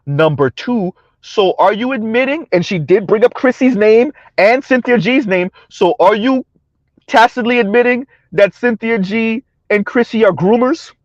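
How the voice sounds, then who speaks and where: A man's voice: sits high, normal speed, no room sound, lo-fi sound. A man giving a combative, sarcastic opinion rant to his viewers, repeating his points and laughing between them. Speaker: commentary vlogger.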